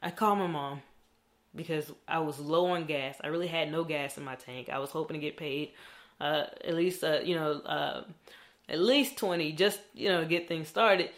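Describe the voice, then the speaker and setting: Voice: mid-range voice, moderate pace, a bit bright. A young adult vlogger talking in a candid, rambling diary style and swearing freely. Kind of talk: casual diary vlog.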